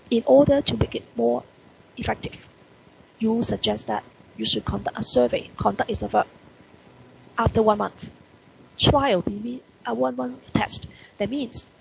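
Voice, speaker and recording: A Hong Kong-accented woman teaches an online lesson over a computer mic, pitched a little high with a strongly gravelly, fry-heavy voice. She keeps stressing key words and asking "what does that mean?" Faint noise hums underneath. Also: low-quality recording. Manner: repeats rhetorical questions, stresses key words. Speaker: English teacher. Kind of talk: online lesson explaining report writing. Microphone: computer mic on video call.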